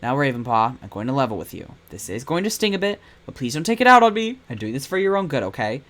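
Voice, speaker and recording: A British man voicing an earnest young male vet assistant who talks gently and coaxingly. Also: mid-range voice, big pitch swings, fast. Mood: gentle.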